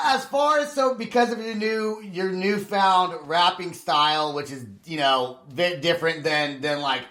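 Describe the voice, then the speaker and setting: A man hosting a podcast, excitable and quick to laugh, chatting casually. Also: high voice. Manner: excitable, laughs often, says dude and man. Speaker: podcast host. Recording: echoey room.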